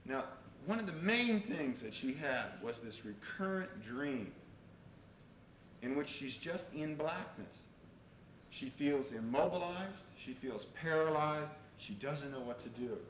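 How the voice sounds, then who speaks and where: A man giving a university lecture in an animated storytelling way, on an old reel-to-reel tape. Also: on the high side, slow pace. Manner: animated, loud when acting out exchanges. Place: lecture hall. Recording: old reel-to-reel tape, echoey lecture hall, faint hiss.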